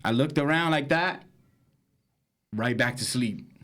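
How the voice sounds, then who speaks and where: A young man, co-hosting a podcast and telling a wild story in slangy casual chat, acting out quotes and laughing. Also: measured pace. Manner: animated, slangy, acts out quotes with big pitch jumps and laughter. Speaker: podcast co-host.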